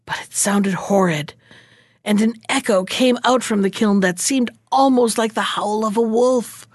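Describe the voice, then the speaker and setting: A woman storyteller reads a fairy tale slowly and carefully. She lets her voice climb and brighten when the story turns tense. The sound is dry and close, with no room around it. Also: no room sound. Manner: expressive, rising high in tense moments. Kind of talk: reading a fairy tale aloud.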